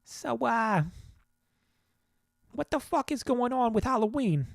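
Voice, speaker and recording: A man putting on the voice of an angry, gruff, fed-up grown man ranting loudly. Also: extremely high pitch, lively intonation, slow, dry recording, clean studio sound, pitched above the performer's own voice, full character voice. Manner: shouty, exasperated rant.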